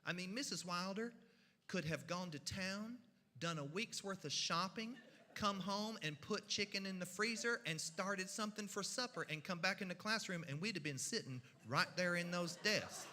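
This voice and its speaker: A man, telling humorous stories at a church event in a folksy, animated way. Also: high-pitched, long reverb tail. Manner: folksy, animated, with drawn-out pauses. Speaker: storyteller. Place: church hall.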